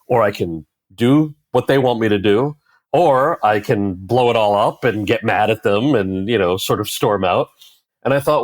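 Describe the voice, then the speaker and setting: A relaxed, talkative man in his forties, with a low-pitched voice and a slightly fast pace, is an actor and author appearing as an interview guest. He tells an animated story, acting out the lines of the people he met in character. The recording is close and dry, with no room sound.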